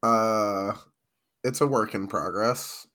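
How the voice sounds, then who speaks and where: A man's voice: lowish voice, fairly even intonation, slow, sharp tone. A tired man co-hosting a casual podcast, easygoing and laughing often. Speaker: podcast co-host.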